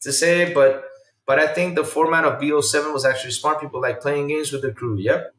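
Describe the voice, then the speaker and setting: A man's voice: fairly high pitch, brisk, echoey room, distant mic. Man hosting a casual live stream. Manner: animated, exclaims and reads chat aloud. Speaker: podcast host reading chat.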